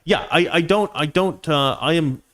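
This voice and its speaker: A man's voice: fairly high pitch, moderate pace, fairly bright tone. A man hosting a live stream, reading viewer comments and giving opinions in a rambling, casual way with many restarts. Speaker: host.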